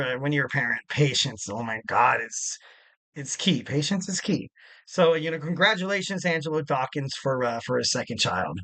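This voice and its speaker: A man's voice: a little high, pushed and bright. A man in his thirties hosting a casual solo podcast, rambling with lots of "you know" fillers. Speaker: podcast host.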